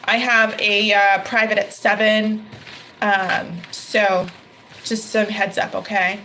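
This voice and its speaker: A woman's voice: medium pitch, level tone, takes it slowly, sharp tone, a little hiss or hum, low-quality recording. A woman hosting a live-stream tarot reading, talking casually to viewers by name and laughing often.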